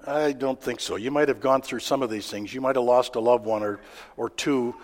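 A man preaching a sermon in a plain, unhurried way, often pausing on fillers and restarting his sentences. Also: mid-range voice, fairly even intonation. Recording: long hall reverb.

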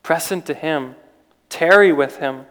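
In a large-hall setting with long, ringing reverb, a man preaches an informal sermon unhurriedly and conversationally. His voice is fairly high, and he keeps restarting sentences and asking rhetorical questions.

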